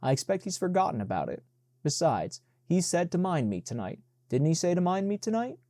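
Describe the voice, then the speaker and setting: A man's voice: high-pitched, very animated, fairly quick, warm tone, no room sound, clean studio sound, pitched above the performer's own voice. A man voicing a bossy young Southern girl who can turn coaxing and tender. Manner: commanding, then coaxing and tender.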